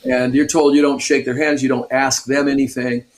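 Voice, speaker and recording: A man's voice: medium pitch, level tone, normal speed. A man in his sixties from Pasadena, California, a guest guitarist animatedly telling stories in a radio interview and laughing often.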